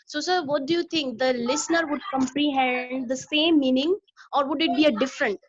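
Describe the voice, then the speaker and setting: A woman's voice: high voice, a little fast, a crowd in the background. A woman, a student asking questions hesitantly and often addressing the teacher as sir. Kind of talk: classroom question. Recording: dry, muffled lo-fi recording.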